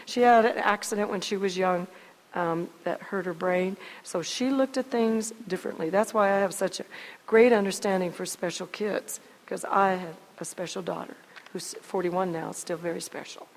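A woman in her sixties telling a story in a casual, rambling way, full of restarts and heartfelt asides. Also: mid-range voice. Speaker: speaker sharing a story. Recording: long hall reverb.

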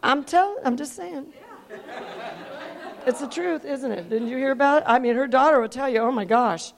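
Female preacher, high voice, animated sermon storyteller, quiet asides and loud emphatic peaks. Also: moderate pace, gravelly, a faint crowd. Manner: animated, rises to near-shouting when telling dramatic parts.

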